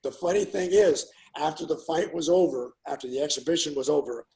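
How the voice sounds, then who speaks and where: A man's voice: on the high side, a little fast, vocal fry, low-quality recording. An older man, a former fighter, telling stories in a casual interview and acting out what people said. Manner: animated storyteller, acts out quotes loudly.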